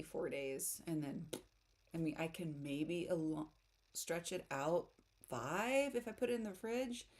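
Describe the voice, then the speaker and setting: An American woman hosts a writing livestream, chatting casually and reading out comments in a giggly, self-deprecating way. Her voice is low and darkish, with a breathy edge.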